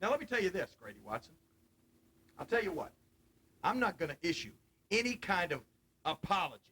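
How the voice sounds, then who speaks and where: A man's voice: sits high, big pitch swings, a little fast, pushed and bright, slightly rough, low-quality recording. A man cutting a brash, mocking live wrestling promo on TV.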